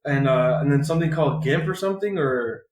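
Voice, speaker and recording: Talking fast in a medium-pitched, darkish voice, a man co-hosting a podcast gives a casual comic book recap. It rambles, is thick with filler, and has free swearing, recorded in a roomy, echoey room.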